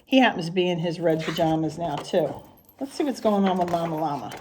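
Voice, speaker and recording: A woman teaching preschool, reading a picture book aloud in a gentle, sing-song storybook manner and asking the little ones simple questions. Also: lowish voice, big pitch swings, unhurried, a little hiss or hum.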